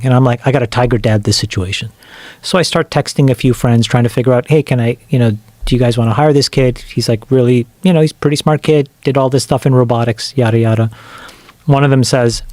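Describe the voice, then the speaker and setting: A middle-aged man talks as a guest in a casual podcast chat. He is an animated, profane storyteller who throws himself into acting out the lines he quotes. His voice sits at a plain middle pitch and sounds dry and close to the mic. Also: no room sound.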